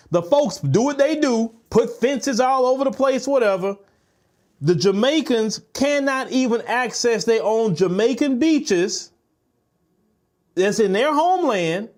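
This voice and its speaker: A man with a high, very lively voice delivers heated reaction commentary. He lectures with indignation, leaping up in pitch for accusations and dropping low for scornful asides. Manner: indignant, lecturing, swings between high exclamations and low growls.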